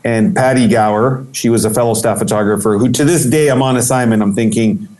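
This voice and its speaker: In a casual interview, a middle-aged photographer with a mid-range voice tells a long, lively story a little fast, animatedly acting out the voices of the people he quotes.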